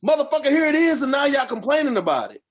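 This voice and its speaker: A man's voice: very high-pitched, big pitch swings, fast talker. A man co-hosting a podcast, ranting in heated, profane casual chat. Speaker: podcast co-host.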